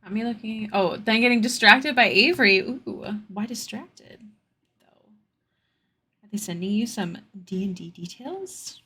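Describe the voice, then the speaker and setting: A woman's voice: mid-range voice, a little slow, bright, forceful tone, slightly rough. A young woman streamer chatting casually with her viewers while she draws, answering their questions in rambling asides.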